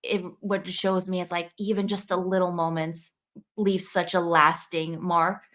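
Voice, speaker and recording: Earnest, lower-voiced woman in her thirties. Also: little pitch movement, normal speed, fairly bright tone. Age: 30s. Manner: earnest, reflective, talks through inner dialogue. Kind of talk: casual podcast chat.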